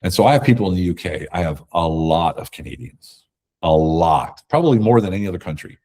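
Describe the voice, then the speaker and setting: A man guest in a conversational interview, talking emphatically and telling animated stories. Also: deep voice, fairly quick. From America. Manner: emphatic, animated storytelling with acted quotes.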